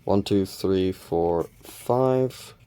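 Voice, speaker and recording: Male host, low voice, relaxed unboxing chatter, counts and names each card. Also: extremely slow, smooth. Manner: relaxed, reads card names aloud, counts cards, mild self-corrections. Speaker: channel host opening card packs. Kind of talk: casual unboxing commentary.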